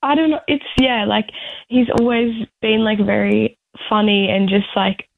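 A woman's voice: mid-range voice, fairly even intonation, moderate pace, gravelly, narrow, tinny audio. A young woman calling in to a radio show, hesitant and rambling with lots of "like". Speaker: caller, host's daughter.

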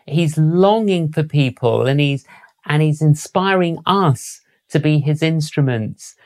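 A man hosting an interview, responding in a measured, affirming way and asking follow-up questions. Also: a little high, a little mellow. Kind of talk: slow, reflective interview talk.

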